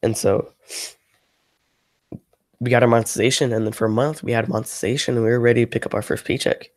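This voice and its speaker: A man's voice: mid-range voice, level tone, fast talker, no echo. A man ranting casually on a livestream, rambling and frustrated, with lots of filler words and free swearing. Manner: swears freely. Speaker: ASMR channel creator, livestreaming.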